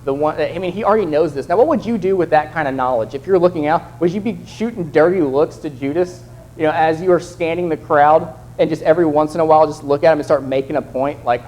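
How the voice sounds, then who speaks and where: A man's voice: fairly high pitch, quick pace, a little mellow, a little hiss or hum, rough recording. Conversational young man preaching a sermon. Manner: conversational, acts out quoted voices.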